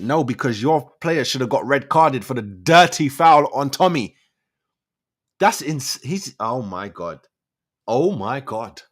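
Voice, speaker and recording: A man's voice: mid-range voice, animated, a little slow. A man hosting a channel, giving mocking, incredulous live commentary over a radio clip.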